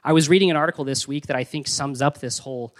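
A young man preaching a sermon in an energetic, conversational way with playful emphasis. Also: mid-range voice, fast talker. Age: young adult. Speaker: pastor.

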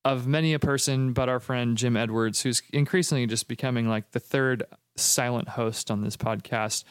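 A man's voice: medium pitch, fairly even intonation, normal speed, clean tone, no echo, clean studio sound. A man co-hosting a faith podcast in casual conversation, playful and enthusiastic, drifting into reflective musings. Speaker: podcast co-host.

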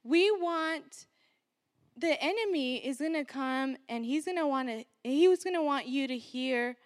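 A woman's voice: high voice, big-room sound. A woman preacher giving an earnest, exhorting sermon and repeating key phrases for emphasis.

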